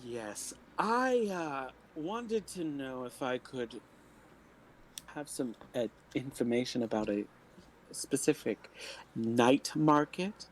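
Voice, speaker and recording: A man's voice: mid-range voice, lively intonation, slow pace, a little hiss or hum. A man playing his bard character in a tabletop game, hesitant and quirky, with an oddly formal politeness. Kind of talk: in-character tabletop role-play.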